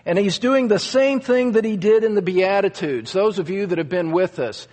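A man's voice: high-pitched, normal speed, a little mellow, big-room sound. A man preaching a sermon as pastor, earnest and emphatic, stressing key words again and again.

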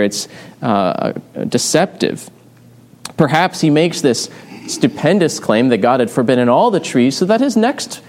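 A man delivering an expository sermon at a middle pitch. He explains the passage step by step in a measured way and often pauses on "uh" as he goes. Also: a little mellow. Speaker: preacher.

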